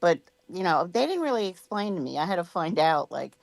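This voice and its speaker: Rambling woman guest, low-pitched. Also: sing-song, a little fast, vocal fry, no room sound. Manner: rambling, full of "you know" and "like" fillers. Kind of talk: casual interview chat.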